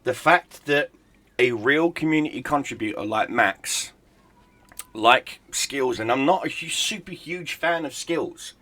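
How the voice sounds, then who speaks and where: A man's voice: mid-range voice, expressive, a little slow, pushed and bright, no room sound. A middle-aged man, a gaming YouTuber, in a heated, profane, sarcastic rant. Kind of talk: angry ranting commentary.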